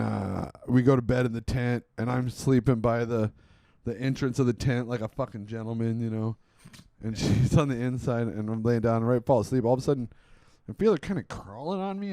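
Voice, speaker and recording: A man's voice: mid-range voice, mellow, dry recording. A man in his thirties co-hosting a podcast, telling a rambling story with lots of swearing. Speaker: podcast co-host. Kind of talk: casual chat, storytelling.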